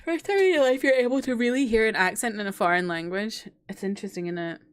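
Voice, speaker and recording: A woman's voice: on the high side, fast, smooth. A woman streamer chatting casually while playing a game, giggling often. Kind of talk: casual let's-play commentary.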